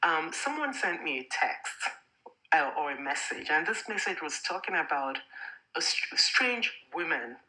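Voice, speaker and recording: A woman's voice: low voice, very animated, a little slow, sharp tone, rough recording. A woman hosting a casual faith-based talk on relationships, speaking frankly and emphatically with rhetorical questions. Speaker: podcast host.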